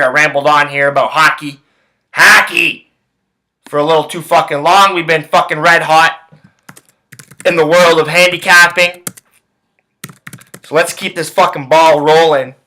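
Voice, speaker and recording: A man's voice: a little high, sharp tone, rough recording. Heated, foul-mouthed man ranting on sports. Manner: heated, swears constantly, rambling. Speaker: sports handicapping vlogger. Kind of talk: profane ranting commentary.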